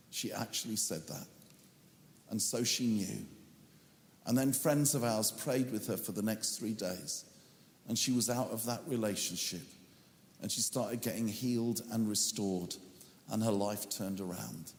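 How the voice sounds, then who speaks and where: A man's voice: mid-range voice, moderate pace, roomy sound, big-room sound. A man preaching a sermon as a pastor, telling a story earnestly and acting out the lines he once spoke. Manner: earnest storytelling, acts out his own quoted words.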